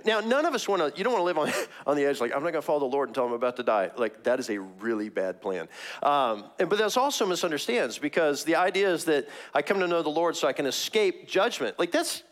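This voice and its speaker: A middle-aged male pastor from Missouri preaching a casual, conversational sermon with many fillers and frequent laughs, jumping up in pitch when he acts out a story. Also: fairly bright tone. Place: church sanctuary.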